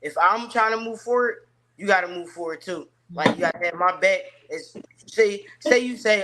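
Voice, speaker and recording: A man's voice: high voice, moderate pace, fairly bright tone, a little hiss or hum. A man in his thirties talking casually and emphatically on a podcast, with slangy phrasing. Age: 30s. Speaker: podcast guest.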